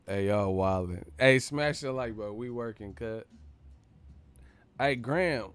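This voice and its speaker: A man hosting a live stream from a multi-camera setup. His voice is smooth and clear, close and dry with no room sound. He talks in a loose, profane, joking way and laughs easily. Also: lowish voice, a little slow, no room sound. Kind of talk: casual live-stream chat.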